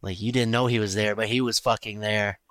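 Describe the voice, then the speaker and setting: Brief: male co-host, low voice, dry close sound, casual and profane. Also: steady tone, fairly quick, fairly bright tone, no room sound. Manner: profane, joking. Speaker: podcast co-host. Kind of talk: casual chat.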